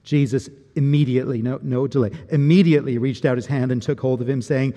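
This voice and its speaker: A man's voice: mid-range voice, fairly even intonation, fast talker, few pauses, warm tone. Earnest male preacher in a reverberant hall. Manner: earnest, reflective preaching with frequent repetition. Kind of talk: sermon. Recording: long reverb of a large hall.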